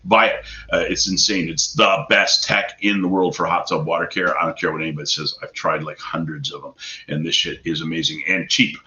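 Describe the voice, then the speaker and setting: Blunt low-voiced man answering viewer questions. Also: steady tone, a little fast, pushed and bright, lo-fi sound. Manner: blunt, profane, salesy and emphatic. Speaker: host of a hot tub advice show. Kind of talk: casual live Q&A talk.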